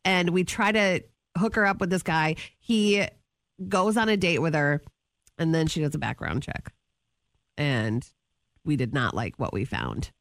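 A woman's voice: low-pitched, lively intonation, a little slow, no room sound, clean studio sound. A woman co-hosting a morning radio show, teasing callers and laughing often. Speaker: radio co-host.

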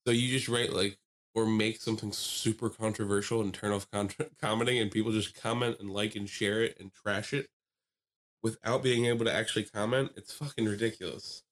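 Young male podcast co-host, lively storyteller, swears a lot, does voices for the people in his stories. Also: fairly low pitch, brisk. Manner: animated storyteller, swears freely, acts out quoted people. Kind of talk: casual chat.

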